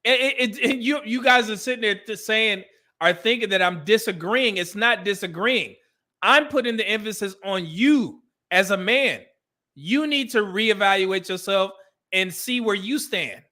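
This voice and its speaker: A man's voice: high-pitched, measured pace, pushed and bright. A man hosting a livestream, reacting to a clip with blunt, exasperated commentary and calling viewers brother. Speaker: host reacting to a video.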